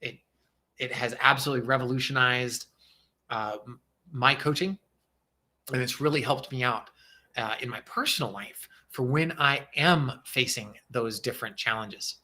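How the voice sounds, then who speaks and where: A man's voice: mid-range voice, moderate pace, sharp tone. A man coaching viewers on a livestream, earnest and emphatic, repeating phrases for effect. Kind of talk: livestream talk and guided breathing.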